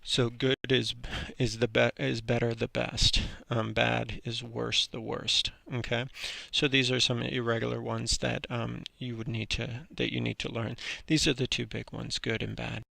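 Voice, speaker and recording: A man with a very gravelly, bright voice teaches an English grammar lesson. He talks in a relaxed, halting way, full of ums and restarts. The recording is dry and close. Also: medium pitch, no echo.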